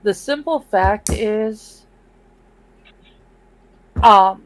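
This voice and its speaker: Slow, blunt woman on a podcast. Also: mid-range voice, a little hiss or hum, poor audio. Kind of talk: casual podcast chat.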